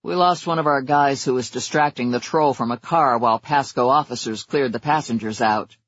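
A man's voice: mid-range voice, moderate pace, a bit bright, no room sound, dull audio, close to an everyday voice. A man voicing a tired police officer giving a matter-of-fact report.

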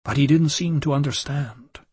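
Husky male audiobook narrator. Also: a little high, normal speed, a little mellow, dry recording. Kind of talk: scripted first-person narration.

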